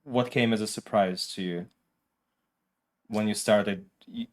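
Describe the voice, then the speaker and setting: A man hosting a casual interview, speaking English, halting and reassuring. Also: lowish voice, steady tone. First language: Russian. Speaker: host.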